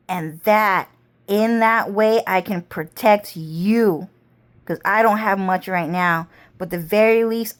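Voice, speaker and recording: A woman talking in a slow, unhurried monologue that wanders from thought to thought. Her speech is laced with swearing and long drawn-out phrases. Her pitch sits in a middle range. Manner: rambling, heavy profanity, drawn-out. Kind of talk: rambling casual monologue.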